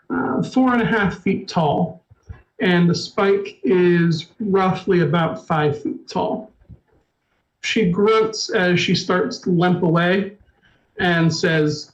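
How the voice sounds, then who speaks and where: A man narrating as storyteller of a tabletop game, unhurried and full of filler words, on a dull lo-fi stream recording. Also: high voice.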